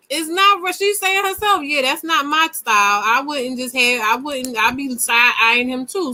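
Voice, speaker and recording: Woman host reacting to a clip, kinda high voice, super bright and emphatic. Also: moderate pace, rough recording. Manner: emphatic, repeats words when thinking. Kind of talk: casual commentary.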